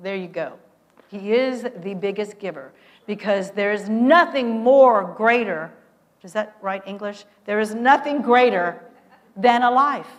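A middle-aged woman preaching a sermon, telling a story and urging listeners with emphatic swings in loudness. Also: medium pitch, unhurried.

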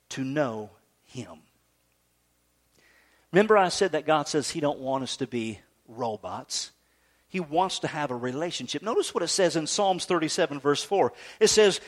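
A man preaching a sermon, swinging between emphatic high peaks and low, soft stretches. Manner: animated preaching, rising to emphatic highs then dropping low and soft. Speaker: pastor.

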